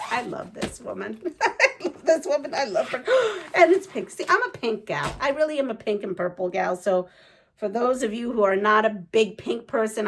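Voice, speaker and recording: A woman chatting casually as a quilting vlogger, gushing and excitable, rambling with lots of fillers. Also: mid-range voice, gravelly. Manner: gushing and excitable, gasps and giggles. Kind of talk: casual unboxing chat.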